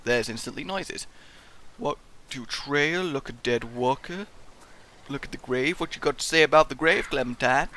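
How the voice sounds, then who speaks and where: A young man giving playful, excitable let's-play commentary and chatting to the game character as he plays. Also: mid-range voice, normal speed. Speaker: gaming video host.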